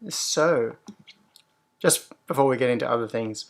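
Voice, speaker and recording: A man hosts a relaxed livestream, with a gravelly edge to his mid-range voice. He greets his viewers brightly, then talks through technical answers at length, wandering off on tangents as he goes. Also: mid-range voice, a little slow. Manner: upbeat greetings, rambling technical explanations. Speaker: host. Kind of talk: casual livestream chat.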